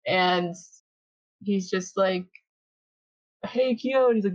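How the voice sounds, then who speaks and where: A woman on a podcast, casually recapping episodes and acting out the characters' lines in an animated way. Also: on the low side, takes it slowly, no room sound, dull audio. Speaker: podcast co-host.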